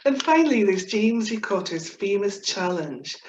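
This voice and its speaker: A woman's voice: medium pitch, animated, normal speed, roomy sound, muffled recording, a little hiss or hum. A woman with a Scottish accent giving a playful, chatty webinar talk over a video call, full of asides and giggles. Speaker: webinar speaker on Scots humour.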